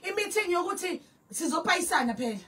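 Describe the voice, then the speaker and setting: South African woman, young, interview guest; brisk, bright storyteller who mimics others, recorded from a distance. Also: extremely high pitch. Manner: lively, acts out quoted voices and switches between languages. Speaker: guest, former church disciple.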